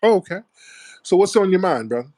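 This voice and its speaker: A man's voice: high-pitched, sing-song, brisk, a little mellow, dry recording. A man hosting a call-in talk show, laughing and cursing as he mocks what he talks about. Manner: laughing, profane, mocking. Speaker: show host.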